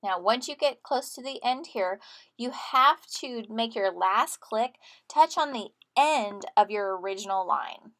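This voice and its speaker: Woman teacher, slightly high voice, friendly step-by-step tutorial narration for students. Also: lively intonation, unhurried, fairly bright tone. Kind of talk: screen-recorded software tutorial.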